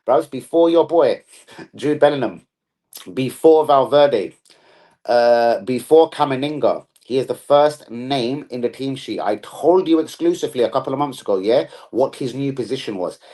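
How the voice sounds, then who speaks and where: A young man runs a casual football live stream. His talk is full of swearing and slang. His pitch swings widely from low mutters up to sudden high yells. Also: lively intonation, moderate pace. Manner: rowdy, profane banter full of slang.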